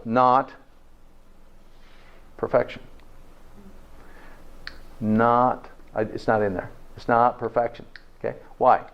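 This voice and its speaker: A man's voice: mid-range voice, little pitch movement, takes it slowly, long pauses. A man giving a live health lecture to an audience in a folksy way, tagging his points with "okay?" and asking the room questions. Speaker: health presenter. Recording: dull lo-fi recording.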